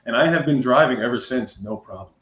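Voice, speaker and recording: A man, a guest on a chat show, tells a story in a casual, animated way, acting out the lines of the people in it and laughing often. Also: mid-range voice, a little fast. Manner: animated, acts out quoted dialogue, laughs often. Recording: muffled echoey room recording.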